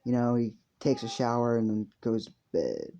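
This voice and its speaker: A man's voice: medium pitch, normal speed, mellow, a little hiss or hum. A young man improvising a story casually, rambling and crude, often correcting himself, recorded at home on a dull lo-fi mic. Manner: rambling, crude, self-correcting, with frequent fillers. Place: home room with a pet cat.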